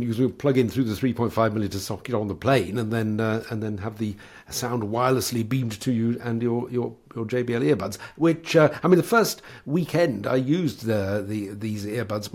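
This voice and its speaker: A man's voice: medium pitch, darkish tone, breathy edge. A man, a tech reviewer co-hosting a podcast, talking hesitantly with many restarts. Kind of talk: casual chat.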